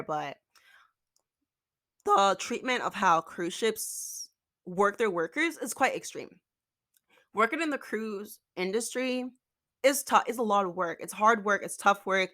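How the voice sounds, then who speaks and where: Bright-voiced exasperated woman vlogger. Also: medium pitch. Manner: exasperated, retelling dialogue with quoted voices. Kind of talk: storytime vlog.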